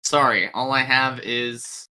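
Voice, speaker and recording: A man playing in a tabletop game, talking in a bright, forceful voice at middle pitch as he sorts out what his character does. He is chatty and quick to react. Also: steady tone, clean tone. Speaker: player.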